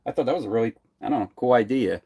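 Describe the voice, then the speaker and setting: A man's voice: mid-range voice, racing, creaky, mellow, husky. A man with a Philadelphia accent co-hosting a casual RV chat, rambling and laughing often. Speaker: RV vlogger co-host.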